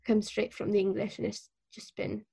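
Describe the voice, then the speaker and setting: A woman teaching words in a relaxed lesson, patient and encouraging as she models pronunciation slowly. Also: medium pitch, vocal fry, breathy edge. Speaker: Welsh language teacher. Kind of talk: casual language lesson.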